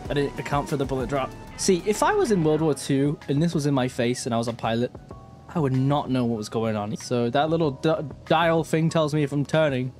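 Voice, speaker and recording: A young man streaming a flight game, joking and reacting loudly, swinging between mock calm and yelling. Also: mid-range voice, brisk, faint music behind. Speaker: gaming streamer. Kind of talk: live gameplay commentary.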